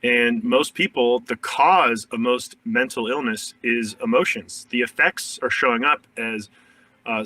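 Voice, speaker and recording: A man's voice: mid-range voice, bright, forceful tone, far from the mic, rough recording. A man, a shadow work coach, talking earnestly in a casual podcast interview, full of "like" fillers and restarts.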